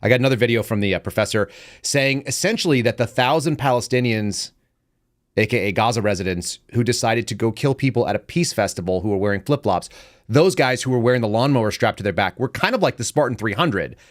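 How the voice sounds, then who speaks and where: A man hosting a casual political talk show, rambling with quick joking asides. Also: mid-range voice, expressive, no echo, clean studio sound. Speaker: podcast host.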